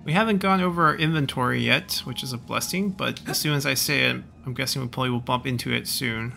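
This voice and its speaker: Man, let's-play host, bright and forceful tone, relaxed muttering commentary. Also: medium pitch, quick pace, creaky, soft background music. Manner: relaxed, thinks out loud while playing. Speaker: gaming channel host.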